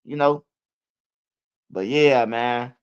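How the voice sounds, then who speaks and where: Smooth-voiced man. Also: medium pitch, drawn-out words, dull audio. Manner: profane, rambling, slangy. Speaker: online street-news commentator. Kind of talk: casual rambling commentary.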